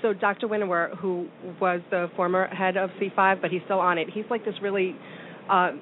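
A woman's voice: steady tone, brisk. A woman from New York City telling a story in casual talk show chat, with many fillers. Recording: tinny phone line with faint rumble.

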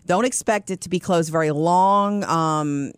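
A woman co-hosting a morning show in a relaxed, upbeat way, laughing easily between news items. Her voice sits on the low side, and the recording is dry and close. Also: unhurried, clean tone, no room sound. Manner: chatty, upbeat, laughs often. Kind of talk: casual morning show chat.

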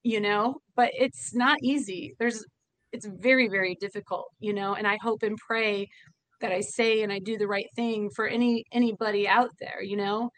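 A woman's voice: medium pitch, fairly even intonation, normal speed, a bit bright. A woman who owns a bar, speaking earnestly and from the heart in an interview, often restarting her sentences. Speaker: bar owner. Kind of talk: emotional interview talk.

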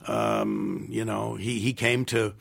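A gravelly, husky older man recalls his filmmaking days in a loose, rambling way. He often restarts his sentences and acts out what other people said. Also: lowish voice, sing-song, slow pace. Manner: rambling anecdotes with restarts and acted-out quotes. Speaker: film director. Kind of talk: casual interview storytelling.

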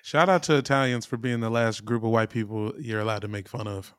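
A man's voice: lowish voice, fairly even intonation, a little fast, fairly bright tone, clear, resonant tone, no echo. A man co-hosting a comedy sports podcast, throwing in dry one-liners. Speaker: podcast co-host.

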